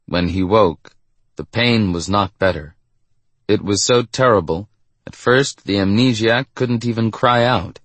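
A man narrating a novel in a measured, steady reading. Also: fairly low pitch, no room sound. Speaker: audiobook narrator. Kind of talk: scripted narration.

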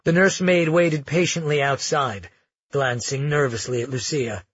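Telling the story in a measured, dramatic style, this male audiobook narrator has a husky, somewhat high voice with a fairly bright tone. His recording is dry, dull, and lo-fi.

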